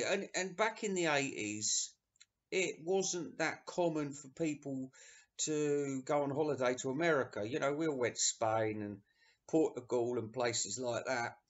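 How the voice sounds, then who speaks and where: A man's voice: mid-range voice, measured pace. A man giving a sweary, sarcastic rant while reviewing an album. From England. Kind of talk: ranting casual review. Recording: dull lo-fi recording.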